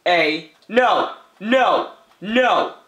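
A high-voiced man narrates a gaming session in a slow, unhurried way, his tone bright and sharp. He teases his fellow players, laughs often and repeats goofy calls. The voice rings in a roomy, echoey space. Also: animated. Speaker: gameplay commentator. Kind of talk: playful let's-play commentary.

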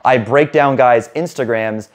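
A man working as a dating coach, talking fast and rambling in a casual monologue to camera, with some swearing. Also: mid-range voice. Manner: rapid, rambling, casual with profanity.

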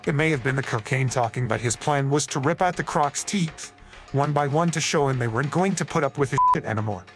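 A man's AI-cloned voice giving deadpan scripted storybook narration full of crude jokes. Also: mid-range voice, fairly quick, loud music behind the voice.

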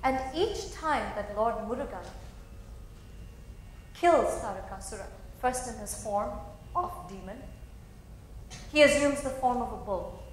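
Slow, dramatic woman storyteller in a hall. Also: a little high, a little hiss or hum. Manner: dramatic, expressive narration. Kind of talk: narrating a dance story. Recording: very echoey hall.

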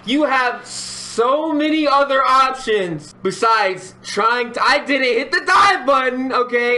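A young man streaming a baseball video game, yelling and cursing at it, then dropping to mutters and trash talk. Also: very high-pitched. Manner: loud, profane, swings between yelling and muttering. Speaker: gaming streamer. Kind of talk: raging gameplay commentary. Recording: game crowd noise behind.

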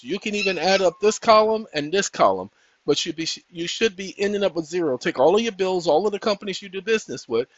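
Male host, high animated voice, folksy preacher-like delivery, dull dry lo-fi recording. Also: no room sound. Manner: folksy, preachy, addresses viewers as ladies and gentlemen; breaks off to talk to his dogs. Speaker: channel host. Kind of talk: casual screen-share tutorial.

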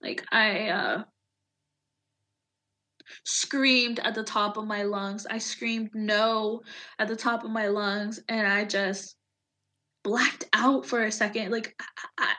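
A woman in her thirties, an Army veteran, speaks in an interview at an ordinary mid pitch. She tells her story haltingly and with feeling, with fillers and restarts that trip through her sentences. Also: steady tone, pushed and bright.

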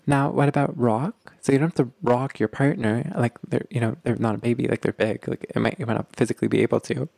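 A man giving relationship advice in a gentle, explanatory way, often checking in with his listeners. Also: mid-range voice, fairly even intonation, quick pace, creaky, hardly any pauses, no echo, clean studio sound. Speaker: relationship coach.

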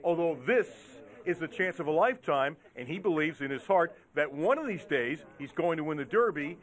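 A man's voice: a little high, animated, moderate pace. A man reporting a news feature, telling the story in a friendly storytelling manner. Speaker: sports reporter.

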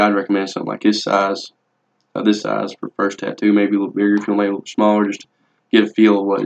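A young adult man with a fairly low, gravelly voice vlogs casually about his tattoos. He's laid-back and blunt, rambling and swearing freely. The audio is dull, lo-fi home video sound.

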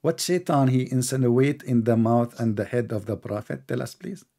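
A man's voice: medium pitch, moderate pace, warm tone. A man with a non-native English accent hosting a heated religious debate call, mocking and sarcastic toward the caller. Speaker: debate show host.

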